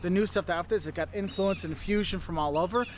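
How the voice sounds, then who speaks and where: A man presenting travel advice in a lively, chummy way, often acting out little voices. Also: sits high, quick pace, a little hiss or hum.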